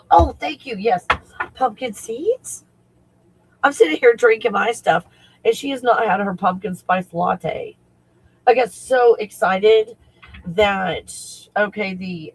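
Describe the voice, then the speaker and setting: A man who works as a spiritual coach talks casually on a livestream, excitable and rambling, often breaking into laughter. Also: high-pitched, slightly rough, poor audio.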